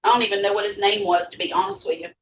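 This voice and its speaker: On a dull, lo-fi live stream with a little hiss or hum, a middle-aged vlog host from the Mississippi Gulf Coast talks with viewers while eating. Her Southern-accented voice is medium-pitched with a steady tone, rapid-fire, and her manner is chatty and homey.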